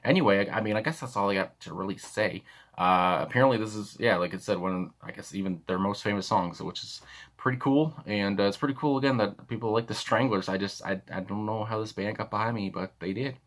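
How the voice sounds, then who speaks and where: Deep-voiced man rambling with fillers. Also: quick pace, a bit bright. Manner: rambling, many fillers and restarts. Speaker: music reaction channel host. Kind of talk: casual reaction commentary.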